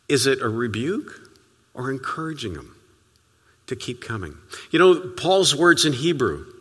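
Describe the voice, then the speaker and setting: A man preaching in a loose, storytelling manner, his voice swinging widely up and down with every point. His tone is bright and pushing, and it often sinks to near quiet. The sound rings through the long reverb of a big church hall. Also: medium pitch, breathy edge. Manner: conversational, storytelling preaching with sudden soft drops. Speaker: pastor. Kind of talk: sermon.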